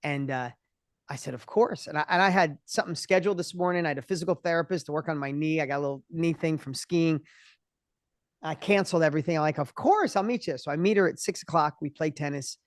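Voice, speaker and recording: A man's voice: fairly high pitch, dry recording. Passionate, restless middle-aged male guest. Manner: passionate, acts out other people's voices in quick bursts; repeats and restarts words when excited. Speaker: guest, entrepreneur. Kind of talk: energetic interview conversation.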